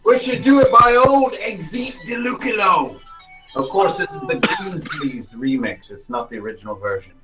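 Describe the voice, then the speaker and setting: A man's voice: sits high, huge pitch swings, normal speed, over music, pitched above the performer's own voice, poor audio. A man voicing a chatty male pirate bard who rambles and laughs as he talks. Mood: playful.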